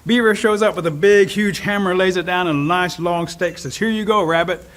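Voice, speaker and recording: A man telling a traditional folk tale in an animated, expressive way. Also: high-pitched, normal speed. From Cherokee Nation. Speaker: storyteller. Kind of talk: oral storytelling.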